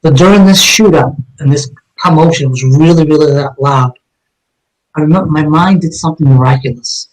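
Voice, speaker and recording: Guy, middle-aged, telling his story hard and blunt, swears a lot, voice sits a bit high. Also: poor audio. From Massachusetts, USA. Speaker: guest, retired police detective. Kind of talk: personal story told in an interview.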